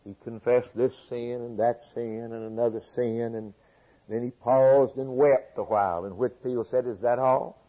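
Slow, husky-voiced male preacher. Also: mid-range voice, steady tone, warm tone, rough recording. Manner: rhetorical questions, emphatic repetition. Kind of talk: sermon.

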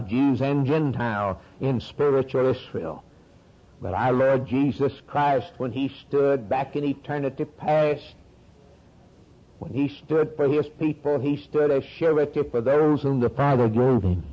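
Fervent preacher on lo-fi radio. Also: male voice. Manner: fervent, swings from low earnest to high rising emphasis. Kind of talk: sermon. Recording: muffled lo-fi old radio broadcast.

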